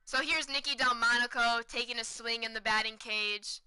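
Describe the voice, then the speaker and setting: Bright excited young woman streamer. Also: fairly high pitch, normal speed, clear, resonant tone, low-quality recording. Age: 20s. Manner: excited, chatty, repeats words for emphasis. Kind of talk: casual storytelling to stream chat.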